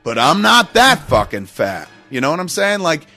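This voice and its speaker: A man's voice: on the high side, very animated, normal speed, pushed and bright, soft background music. A middle-aged man hosting a podcast, telling a long story in a casual, profane, self-mocking way. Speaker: podcast host.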